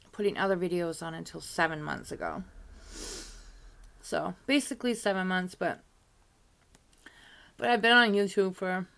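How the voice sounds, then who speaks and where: A woman's voice: on the low side, vocal fry, clear, resonant tone. An older woman chatting casually to camera as a beauty vlogger, rambling along with frequent asides. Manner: chatty and rambling, with frequent "you know" asides and light laughs.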